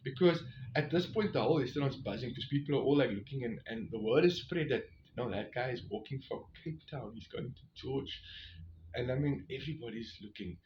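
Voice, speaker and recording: Here the walking vlogger's medium-pitched voice is brisk and lively in intonation, with slight background noise. He casually recaps his long walk in storytime style, rambling with many fillers and asides; the recording sounds roomy and slightly dull.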